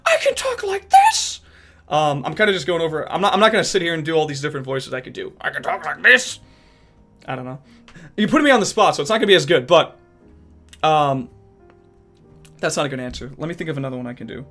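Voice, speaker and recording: Animated young man chatting casually. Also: fairly high pitch, rapid-fire, soft background music. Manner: animated, sporadic. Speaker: aspiring voice actor and podcast guest. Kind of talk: casual chat.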